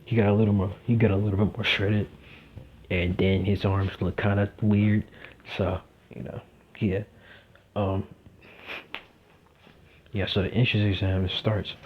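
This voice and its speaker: A man's voice: on the low side, level tone, unhurried, pauses often, a little hiss or hum. A young man telling a fan-fiction story casually, rambling with lots of fillers, in a dull lo-fi recording.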